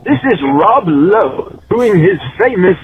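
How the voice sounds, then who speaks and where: A man's voice: high-pitched, animated, slow pace, music in the background. A man doing a grand old-Hollywood impression over a tinny phone. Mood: mock-grand. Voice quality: phone-line voice. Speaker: voicemail caller. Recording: tinny voicemail phone line.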